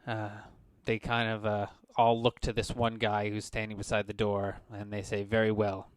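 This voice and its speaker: A man's voice: on the low side, monotone, normal speed, clear, resonant tone, no echo. A man acting as game master, narrating scenes and speaking for council members and guards.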